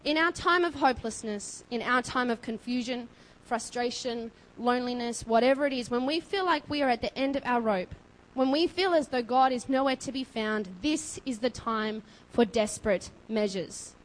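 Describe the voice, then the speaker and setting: A woman preaching a sermon, impassioned and building to loud emphasis. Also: on the high side, normal speed, slight background noise, poor audio.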